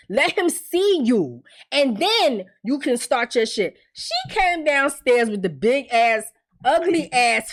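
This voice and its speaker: A woman casually recapping a TV episode, profane and laughing often, acting out characters' lines in quick impressions. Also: on the high side. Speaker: TV recap host.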